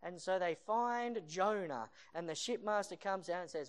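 Animated preacher acting out the story. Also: mid-range voice, moderate pace. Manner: animated storytelling that acts out the scenes. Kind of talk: sermon.

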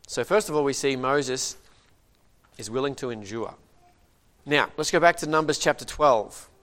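A man preaching a sermon, reading scripture aloud and teaching from it, swinging from quiet asides to raised emphasis. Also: medium pitch, moderate pace. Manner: varies loudness widely, reads King James passages aloud.

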